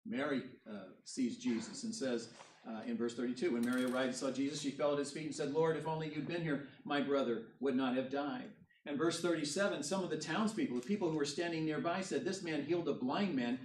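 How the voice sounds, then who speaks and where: A man's voice: on the high side, slight background noise. A male pastor preaching a sermon, reading scripture aloud and then explaining it, pressing harder on the key points. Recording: roomy echo, voice from far off the mic.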